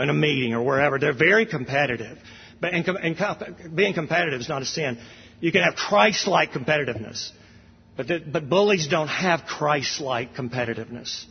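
A man's voice: mid-range voice, breathy edge. A man preaching a sermon in a church during worship, talking conversationally and poking fun at himself, with many restarts. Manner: conversational, self-deprecating, with frequent restarts. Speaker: pastor. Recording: dull sound with long hall reverb.

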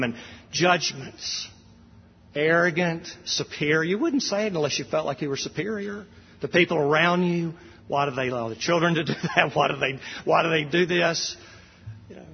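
A male pastor preaches in a loose, conversational way, often restarting his sentences and poking fun at himself. His voice sits fairly high and has a husky edge. The recording is dull and carries the long reverb of a church sanctuary. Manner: conversational, self-deprecating, with frequent restarts. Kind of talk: sermon. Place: church sanctuary during worship.

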